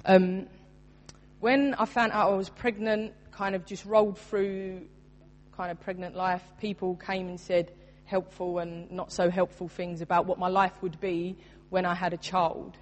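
A woman's voice: lowish voice, flat delivery, a little slow. Earnest woman preaching in reverb. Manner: earnest, personal, emphatic preaching. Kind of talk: sermon. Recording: long reverb in a large room.

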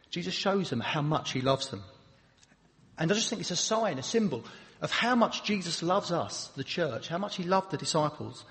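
A man with a Cockney accent preaching a sermon in church, chatty with friendly asides as he reads scripture aloud. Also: on the high side. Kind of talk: sermon with Bible reading. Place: church sanctuary. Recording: long reverb of a large hall.

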